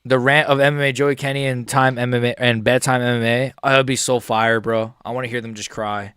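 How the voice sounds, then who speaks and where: A man's voice: medium pitch, level tone, brisk, fairly bright tone, clear, resonant tone, no echo, clean studio sound. A young man streaming a live fight reaction, talking casually to his viewers in a muttered, profane running commentary. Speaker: MMA streamer.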